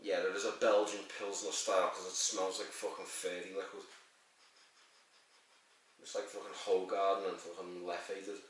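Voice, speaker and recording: A man's voice: deep voice, flat delivery, moderate pace, a bit bright, slight background noise. A man reviewing a beer in a rambling, crude and jokey way, swearing as he goes. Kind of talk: casual sweary review monologue. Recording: very echoey room, mic at a distance.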